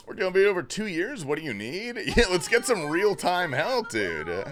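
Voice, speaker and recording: A man's voice: a little high, huge pitch swings, a little fast, a bit bright. A young adult man hosting a livestream, chatting casually, joking, swearing and thanking viewers from chat. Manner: loose, joking, swears a lot; reads and thanks chat messages. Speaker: livestream host.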